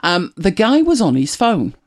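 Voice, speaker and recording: A woman's voice: mid-range voice, big pitch swings, a little slow, darkish tone. A woman hosting a casual live chat, greeting viewers and teasing them in a chatty way. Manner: chatty and teasing, with frequent laughs. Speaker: livestream host.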